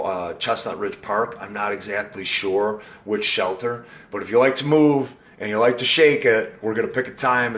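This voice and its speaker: A man's voice: fairly low pitch, a bit bright, a little hiss or hum. A man hosting a casual live video chat, talking in an earnest, rambling way with frequent restarts. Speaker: live-stream host.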